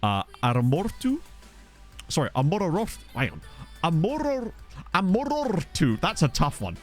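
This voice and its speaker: Lively chatty man commentating a game. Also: a little high, faint music behind. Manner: chatty, joking, reacts with quick exclamations. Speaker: gaming video host. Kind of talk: casual gameplay commentary. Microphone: desk USB microphone.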